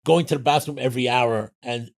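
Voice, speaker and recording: A man's voice: mid-range voice, fairly quick. A man in casual podcast conversation, plain-spoken and cautionary.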